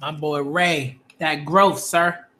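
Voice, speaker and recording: A man giving live reaction commentary as a manga critic, excitable and slangy, gushing over what he reads. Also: on the high side, a little slow.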